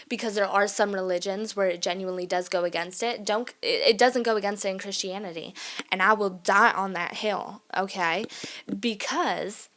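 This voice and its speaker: A young woman talks straight to her viewers in a loose, rambling rant. She leans hard on her points with emphatic repeats, drifts off track and laughs along the way. Her pitch sits in an ordinary middle range. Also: moderate pace, fairly bright tone. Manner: rambling and easily sidetracked. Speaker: vlogger. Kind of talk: casual rant monologue.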